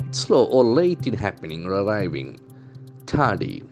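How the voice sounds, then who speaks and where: Low-voiced teacher. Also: male voice, wildly swooping pitch, a little mellow, muffled recording, soft background music. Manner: slow, repetitive, spells out and stresses words. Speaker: English language trainer. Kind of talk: vocabulary lesson from newspaper headlines.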